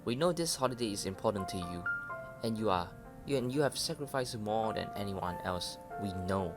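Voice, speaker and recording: A man's voice: fairly low pitch, lively intonation, normal speed, lightly acted. A man reading the lines of a tough young woman near tears, in nearly his own voice, with game music behind. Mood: touched. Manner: reads lines plainly, barely changing voice.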